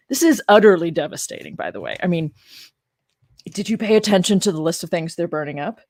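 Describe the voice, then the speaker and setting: A woman's voice: lowish voice, fairly quick, darkish tone, dry recording, studio quality. A woman who teaches religion, giving casual commentary on a scripture reading, emotional, exasperated and blunt. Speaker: religion professor.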